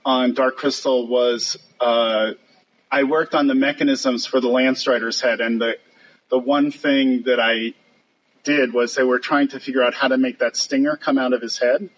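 An older man with a husky, slightly breathy voice tells behind-the-scenes workshop stories over a slide show. He talks loosely and warmly, slipping into quick impressions of colleagues and chuckling between points. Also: medium pitch, poor audio. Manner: lively storyteller who mimics others and laughs often. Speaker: guest puppet sculptor. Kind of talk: anecdotal talk over slides.

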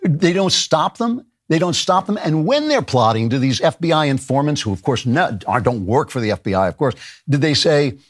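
Sarcastic guy doing a political monologue, laughs at his own lines, very animated voice. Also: a little high, moderate pace, no echo, clean studio sound. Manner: sardonic, mocking, laughs at his own jokes; animated, shouts mock voices of others. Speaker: political commentator and show host.

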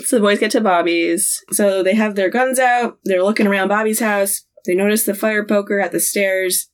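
A woman's voice: medium pitch, steady tone, normal speed. A woman co-hosting a casual podcast, retelling a TV episode with frequent laughter and acted-out quotes. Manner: laughs often, acts out quotes. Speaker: podcast co-host recapping a TV episode. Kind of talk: casual chat.

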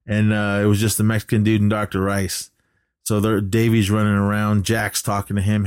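This podcast co-host has a fairly low, monotone voice at normal speed, recorded dry with a clean studio tone. He rambles through a movie's plot with lots of fillers, acting out lines as he goes in a casual chat.

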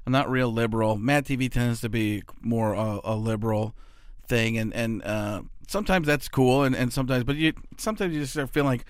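A man talking casually as a comedian, with quick, self-mocking, rambling asides. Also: mid-range voice, fairly even intonation, clean tone. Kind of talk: stand-up and casual talk.

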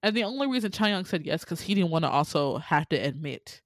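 A woman chatting casually as a podcast co-host, recapping a TV drama in a lively way and acting out the characters' lines. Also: low voice, brisk, no room sound. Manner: animated, acts out character lines.

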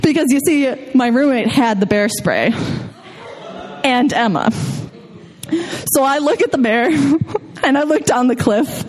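A woman's voice: high-pitched, unhurried, long pauses, darkish tone, big-room sound. A young woman telling a true story live on stage to an audience, chatty and casual with plenty of filler words.

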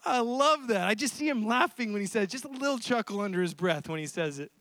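A male pastor preaching a sermon at a church service, telling the story in an animated way and laughing often between lines. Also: high-pitched, a little fast, dry recording.

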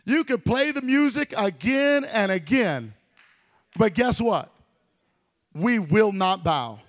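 A preacher voicing three defiant young men. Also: male voice, high-pitched, slow, pitched below the performer's own voice. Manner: steady, resolute refusal. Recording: long church reverb.

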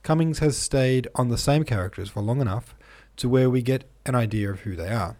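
A man hosting a podcast in a relaxed, chatty way, reading out listener comments with frequent ums, troubled by hiccups. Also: medium pitch, fairly quick. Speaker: podcast host.

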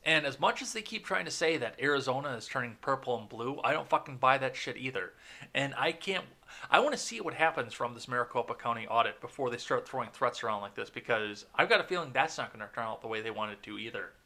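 A man's voice: mid-range voice, expressive, quick pace, bright, forceful tone. A man hosting a podcast of casual political commentary, reading news articles aloud and reacting bluntly with lots of swearing. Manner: profane, blunt, reads news articles aloud then rants. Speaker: podcast host.

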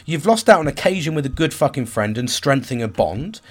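A vlogger in his forties delivers a candid personal monologue about his own struggles, swearing freely, restarting sentences and hunting for words. His mid-range voice swings widely in pitch, and he talks fast.

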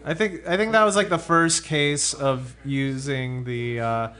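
A man's voice: medium pitch, steady tone, a little slow, bright, forceful tone. A man co-hosting a podcast, laid-back and teasing in casual chat. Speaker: podcast co-host.

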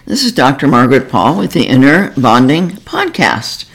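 A woman hosting her own podcast, speaking as a therapist in a calm, reflective monologue. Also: extremely low pitch, moderate pace.

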